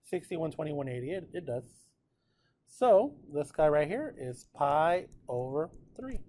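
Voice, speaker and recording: Upbeat male math teacher, slightly high voice. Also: unhurried. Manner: relaxed and chatty, checks in with students often. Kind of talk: classroom lecture recorded with notes.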